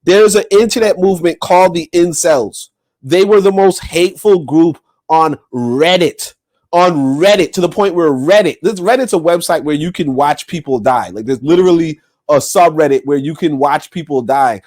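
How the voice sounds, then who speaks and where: A man co-hosting a podcast, talking in a loose, rambling, profane way and laughing loudly. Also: fairly high pitch, moderate pace. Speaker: podcast co-host. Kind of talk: casual podcast chat.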